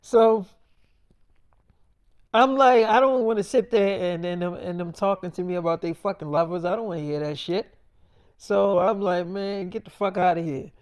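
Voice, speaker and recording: A man's voice: high-pitched, normal speed, long pauses, smooth. A man telling a rambling freestyle story in casual, profane talk, often repeating himself.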